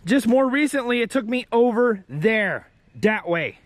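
A man's voice: fairly high pitch, sing-song, normal speed. Crude joking man freestyling outdoors. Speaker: vlogger exploring outdoors. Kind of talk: casual off-the-cuff vlog with freestyle rhymes. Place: outdoors in an open area.

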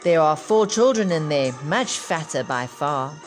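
A woman's voice: low-pitched, animated, unhurried. A woman doing a small pleading storybook boy. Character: small scared little boy on a bike. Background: music.

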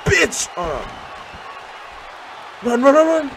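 A man commenting on his own wrestling game as he plays, loud and profane, trash-talking and often shouting. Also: very high-pitched, sing-song, slow. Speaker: gaming channel host. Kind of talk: live reactive gameplay commentary. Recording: crowd and game noise behind.

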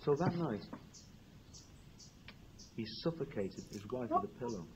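A man tells a grim comic tale in the style of a stand-up routine, jumping between character voices as he goes. His voice sits at an ordinary male pitch. The old television recording carries a steady noisy hiss. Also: a little slow, highs cut off. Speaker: comedian telling a story on a talk show.

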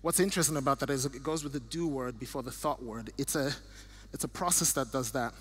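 A man's voice: mid-range voice, fast, breathy edge. A middle-aged man from Nigeria giving an earnest church talk with slides, telling stories with frequent restarts. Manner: earnest, warm storytelling with restarts. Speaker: guest speaker.

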